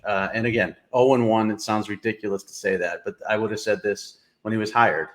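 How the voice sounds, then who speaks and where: A man's voice: on the low side, fairly bright tone. A middle-aged man hosting a sports show, giving blunt, opinionated analysis in casual talk with lots of fillers.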